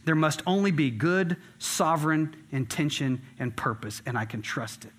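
A man's voice: on the high side, expressive, moderate pace, a bit bright. A middle-aged man preaching a sermon as a pastor. He tells stories in a conversational way and stresses his points earnestly. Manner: conversational storytelling with earnest emphasis.

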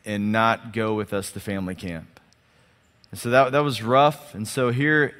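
A man preaching a sermon as a lively storyteller who acts out the dialogue and often restarts and repeats his words. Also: medium pitch. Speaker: pastor. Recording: long hall reverb.

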